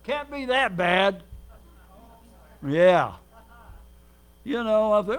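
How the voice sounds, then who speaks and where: High-voiced, animated male preacher. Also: drawn-out words, clear, resonant tone. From Minnesota, United States. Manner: animated storyteller, acts out quotes, swings loud and soft. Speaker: guest preacher. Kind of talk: sermon.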